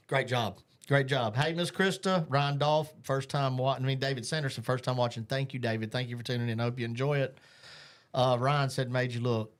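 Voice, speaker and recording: A man's voice: mid-range voice, fairly even intonation, a little fast. A man hosting a live talk show, chatting loosely, joking and reading out viewer comments. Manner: rambling, jokey, reads out viewer comments. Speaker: host. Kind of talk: casual live show chat.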